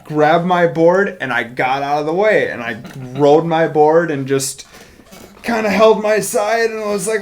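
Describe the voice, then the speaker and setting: A young man on a casual talk show tells a story, acting out his reactions. His voice sits a little high for a man. He talks in a lively, expressive way. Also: measured pace. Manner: animated, acts out his own reactions. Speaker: podcast co-host.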